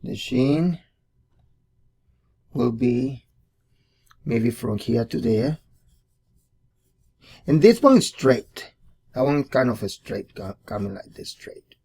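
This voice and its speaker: A man's voice: medium pitch, lively intonation, takes it slowly, vocal fry, pauses often, warm tone. A man hosting a casual drawing tutorial, thinking aloud and repeating words as he sketches. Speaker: art tutorial host.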